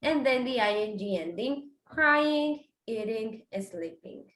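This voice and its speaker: Bright-voiced woman teaching English grammar. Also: a little high, expressive, takes it slowly, roomy sound, rough recording. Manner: explains step by step with examples. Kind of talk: online grammar lesson.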